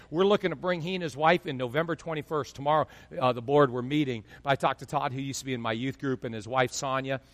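A male pastor preaching a sermon in an animated storytelling way, swinging between loud bursts and hushed asides. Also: fairly high pitch, in a large hall.

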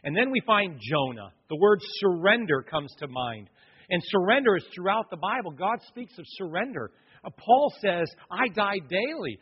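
High husky guy preaching, big echoey hall, lo-fi sound. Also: normal speed. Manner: storytelling, animated, acts out voices of others. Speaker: pastor. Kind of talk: sermon. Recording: dull lo-fi audio in a long-reverb hall.

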